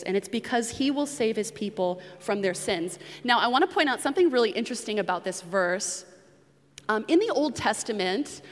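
A woman from New England giving a conversational teaching sermon and putting questions to the congregation. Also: medium pitch. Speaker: preacher. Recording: long reverb of a large room.

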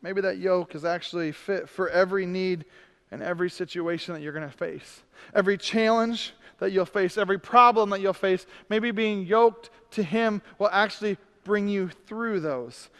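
A man preaches in a high, smooth, resonant voice, swinging from emphatic declarations down to hushed, intimate asides. He drops in humorous self-deprecating lines between points. His words ring out with the long reverb of a church sanctuary. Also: moderate pace. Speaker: pastor. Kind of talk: sermon.

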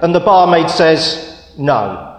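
A man preaching, telling jokes and parables in a measured storytelling manner. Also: a little high, noisy background. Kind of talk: sermon storytelling. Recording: echoey hall with long reverb.

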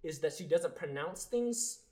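A man's voice: fairly high pitch, animated, unhurried. Rambling young man reviewing a movie. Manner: rambling, filler-heavy, trailing off quietly. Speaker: podcast co-host. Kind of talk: casual movie review chat.

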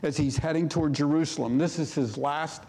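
A man preaching a sermon as pastor, reading scripture aloud with rising emphasis and dropping to a hush for key points. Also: fairly high pitch, a little fast, big-room sound.

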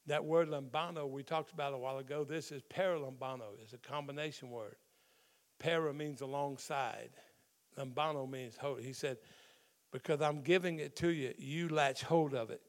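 A medium-pitched man preaches a sermon in a conversational way, a pastor explaining what Greek words in scripture mean.

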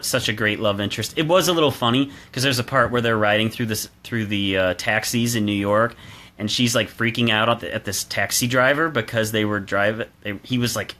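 A man's voice: mid-range voice, sharp tone. A man giving a casual, opinionated solo film review, chatty with restarts and fillers, recorded alone at home.

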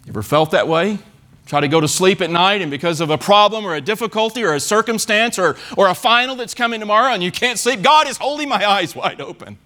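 A man's voice: high voice, fast, bright, forceful tone. A man preaching a sermon in church, earnestly acting out the psalmist's pleas. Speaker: pastor.

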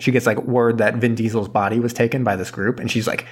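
A man's voice: mid-range voice, fairly even intonation, a little fast, few pauses, slightly rough. A man casually recapping a film plot on a podcast, rambling, laughing and acting out the characters' lines. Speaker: podcast co-host. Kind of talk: casual movie recap chat.

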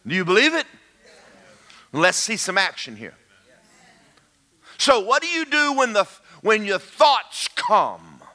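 Male pastor, lively preaching delivery, bright and forceful, slightly high. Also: slow pace, pauses often. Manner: animated, emphatic, calls out to the congregation. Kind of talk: sermon.

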